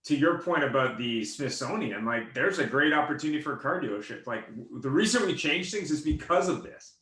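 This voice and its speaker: A jokey panelist with a high, bright voice that jumps around in pitch. He laughs often, and his voice rings in an echoey room. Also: lively intonation, a little fast. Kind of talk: casual panel chat.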